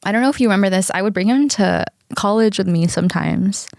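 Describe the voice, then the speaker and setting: A woman's voice: medium pitch, fast talker, vocal fry, darkish tone, dry recording, studio quality. A young woman hosting a podcast, casually telling a personal story, candid, swearing freely and laughing often. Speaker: podcast host.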